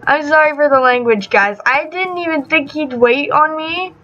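A woman's voice: high-pitched, expressive, measured pace, few pauses, pushed and bright, a little hiss or hum, poor audio. A young woman hosting a gaming channel, giving live gameplay commentary, often frustrated, swearing, and laughing at herself.

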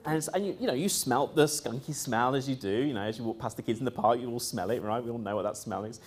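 A man's voice: medium pitch, quick pace, husky. A man recounts events in loose, chatty storytelling. He wanders, restarts and fills gaps with ums and uhs. He slips into other people's voices when he quotes them. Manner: rambling, lively, quotes others in voices, frequent fillers. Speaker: speaker recounting experiences. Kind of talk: casual storytelling talk.

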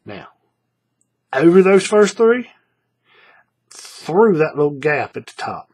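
Husky-voiced man walking through a craft step by step. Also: a little high, big pitch swings, slow, darkish tone. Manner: chatty, repeats steps, checks in with "right?". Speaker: paracord craft instructor. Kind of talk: hands-on tutorial explanation.

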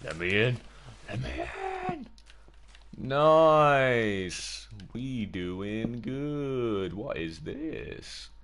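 A man's voice: medium pitch, extremely slow. A young man streaming a video game live, chatting to his viewers and yelping when something startles him. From United Kingdom. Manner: excitable, jokey, talks to chat, yelps when startled. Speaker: gaming livestreamer. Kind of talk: casual live gameplay commentary.

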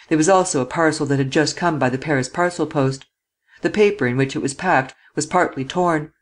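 A man narrating an audiobook of a detective novel in a measured storytelling manner. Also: a little high. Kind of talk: scripted narration.

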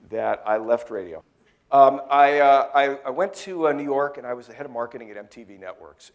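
A middle-aged American man giving a talk, telling lively anecdotes in a chatty way with plenty of fillers. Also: lowish voice.

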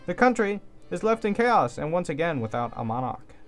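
A man's voice: a little high, big pitch swings, a little fast, soft background music, voice pushed up. A man putting on the voice of a grandiose old-timey newspaper announcer, declaiming a story. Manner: theatrical, declaiming.

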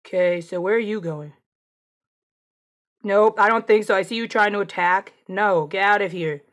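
Gameplay streamer, woman, chatty and excitable, taunts enemies while she plays. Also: mid-range voice, normal speed. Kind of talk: casual gameplay commentary.

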